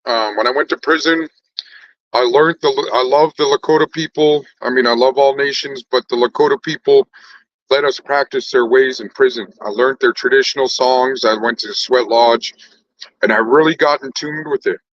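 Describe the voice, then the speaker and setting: A man's voice: medium pitch, steady tone, normal speed, a bit bright, no room sound, highs cut off. A man talking in a casual conversation, laid-back and slangy, swearing freely.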